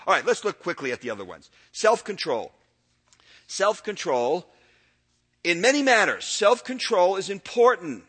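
An older male pastor delivers a teaching sermon with a bright, forceful edge and a somewhat high pitch. He rises to loud, emphatic points, then drops to quiet, low asides. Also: slightly rough. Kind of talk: sermon lecture.

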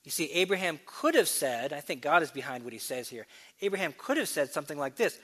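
A man preaching a sermon, explaining scripture with quick asides and slow, emphatic readings. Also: on the high side, animated, a bit bright, husky. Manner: expository teaching, shifts between brisk asides and slow emphatic reading.

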